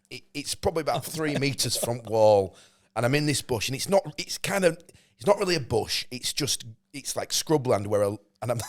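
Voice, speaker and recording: A young man spins a cringe-worthy tale in casual podcast chat. His pitch rises and falls in a very lively way, and he keeps laughing at himself. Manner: animated anecdote-telling with laughs. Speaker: podcast co-host.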